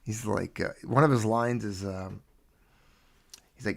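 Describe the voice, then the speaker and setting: Man, livestream host, casual chat, gravelly voice, lowish pitch, greets viewers by name. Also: measured pace, pauses often. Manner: chatty, greets viewers one by one.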